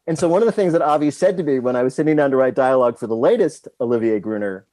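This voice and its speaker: A man's voice: medium pitch, very fast, hardly any pauses, warm tone, no echo. A man telling rambling, self-deprecating stories as a guest in a casual interview. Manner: rambling storyteller, self-deprecating, with frequent restarts. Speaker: guest screenwriter.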